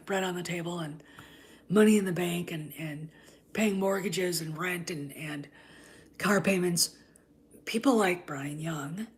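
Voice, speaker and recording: A woman hosting a commentary vlog, ranting in a heated, scornful way, often tagging "okay?" and dropping into breathy near-whispered asides. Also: lowish voice. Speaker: channel host.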